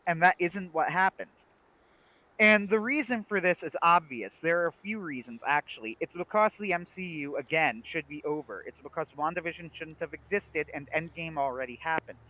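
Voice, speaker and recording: A young man casually chatting on a livestream about a TV series, animated, laughing often and restarting his sentences. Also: fairly high pitch, moderate pace, rough recording. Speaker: livestream co-host.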